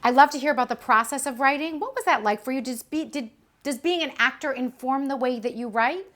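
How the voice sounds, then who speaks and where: A woman's voice: high-pitched, brisk, a bit bright, faint music behind. A woman hosting a TV book interview, asking enthusiastic, admiring questions. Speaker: host. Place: TV studio.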